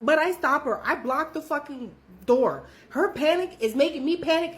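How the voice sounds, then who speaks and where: A woman's voice: high-pitched, moderate pace. A young woman telling her own story in a casual, profane, emphatic way.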